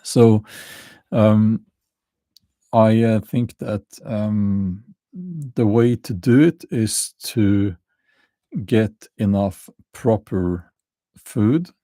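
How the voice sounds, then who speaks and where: A middle-aged man with a Norwegian accent, hosting a casual livestream and answering chat questions in a halting way, full of fillers and restarts. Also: lowish voice, mellow, dry recording. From Norway. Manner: halting, many fillers and restarts, chuckles dryly.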